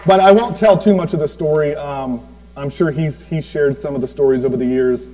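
With a bit of hiss or hum on a rough recording, a man in his forties talks briskly in a slightly high voice with a dark tone. His church tribute is a personal testimony that rambles, using plenty of fillers and asides to the crowd.

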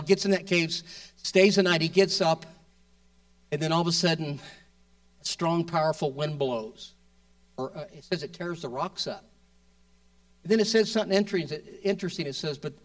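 A man's voice: a little high, distant mic. A man preaching a conversational sermon who asks rhetorical questions and builds to emphatic peaks.

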